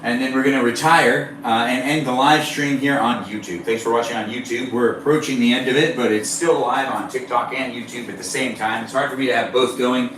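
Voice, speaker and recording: A man's voice: medium pitch, fairly quick, few pauses, a bit bright, heavy reverb, distant mic, a little hiss or hum, low-quality recording. A man chatting casually with viewers on a live stream while baking, playful and rambling as he reads the chat aloud.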